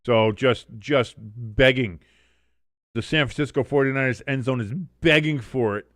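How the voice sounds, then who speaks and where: Wired on coffee, this watch-along stream host calls the plays live in a casual, joking manner, chats with viewers, and reads messages from chat. His voice is medium-pitched and a bit bright, and he speaks at a measured pace in a studio-quality recording with no echo.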